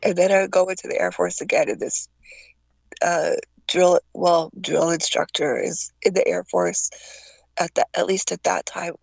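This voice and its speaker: An older woman from Taiwan tells stories in a gravelly, husky voice, stumbling over words at times. She acts out the people in her tales. The sound is dry and close. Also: lowish voice, little pitch movement, normal speed, dry recording. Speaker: guest. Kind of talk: casual storytelling.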